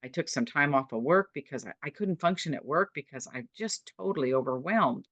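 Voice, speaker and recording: A woman's voice: low-pitched, animated, a little fast, fairly bright tone, no echo. A woman in her sixties, a podcast guest, retelling her own caregiving story in vivid, dramatic short sentences. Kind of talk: personal storytelling.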